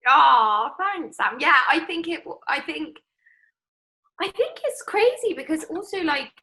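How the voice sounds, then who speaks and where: A woman's voice: high voice, sing-song, measured pace, sharp tone. A woman talking in a casual chat, emotional and chatty, laughing easily. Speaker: guest.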